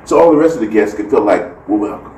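A fast talker with a fairly low pitch, this man recounts a devotional story in a relaxed faith talk and brings its quoted voices to life. The recording is roomy and faintly noisy, captured from a distance.

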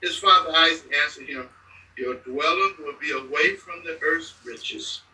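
Man, somewhat high, very bright tone, reading scripture with a few restarts; distant mic, echoey room. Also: a little slow. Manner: plain reading with restarts and slips. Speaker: scripture reader.

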